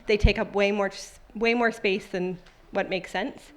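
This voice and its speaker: A woman's voice: medium pitch, fairly even intonation, unhurried. Heartfelt woman giving a church testimony. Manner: conversational and heartfelt, with many fillers. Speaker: church member sharing a testimony and reading scripture. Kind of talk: personal testimony to a congregation. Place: church service.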